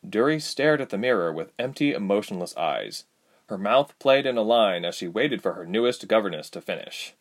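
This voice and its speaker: A man's voice: on the low side, animated, moderate pace. A man reading a fantasy story aloud as narrator.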